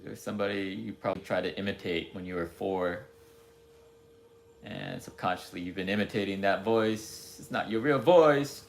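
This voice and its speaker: A man's voice: low voice, moderate pace, creaky, a little hiss or hum. A man rambling candidly to himself in a casual, self-deprecating monologue.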